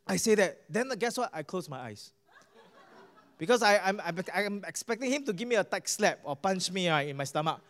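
A middle-aged man with a Singaporean English accent preaches with animated, storytelling energy. His voice sits high and sounds smooth and resonant. He keeps pulling the listeners in with quick questions. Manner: animated storytelling, asks the audience "right?" and "guess what?". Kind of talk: sermon with personal testimony.

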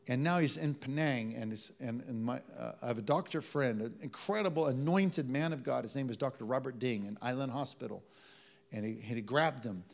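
A man with a mid-range voice preaches a sermon, telling a story with acted-out quotes. He drops to hushed tones, then builds to loud, emphatic preaching, sprinkling in Malay travel words.

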